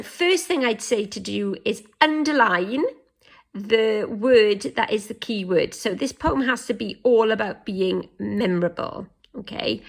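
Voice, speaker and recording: Creaky-voiced woman teacher. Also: fairly high pitch, a bit bright. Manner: chatty, thinks aloud, restarts often. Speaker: English teacher. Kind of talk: recorded lesson on essay writing.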